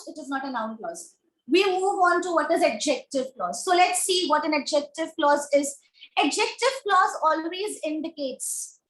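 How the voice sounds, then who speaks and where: A woman with an Indian English accent teaching grammar in an online class, speaking slowly and deliberately and repeating questions to her students. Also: extremely high pitch, bright, forceful tone. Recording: echoey room.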